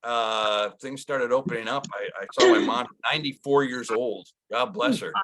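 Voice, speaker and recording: Bright-voiced man in his sixties, rambling. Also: medium pitch, lively intonation, normal speed, gravelly. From Wisconsin. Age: 60s. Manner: rambling storyteller, lots of uh and restarts. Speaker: stand-up comedian. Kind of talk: stand-up comedy set.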